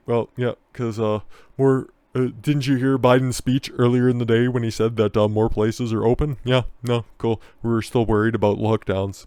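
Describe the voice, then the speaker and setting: A man's voice: mid-range voice, a little mellow, clean tone, no room sound. A man hosting a political commentary show. He talks sarcastically and swears often, with mocking asides.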